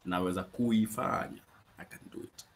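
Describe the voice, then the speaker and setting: A man teaching useful phrases in a casual lesson, patiently repeating each one slowly and checking in with frequent okays. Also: deep voice, steady tone. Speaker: Swahili language teacher. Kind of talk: casual spoken language lesson.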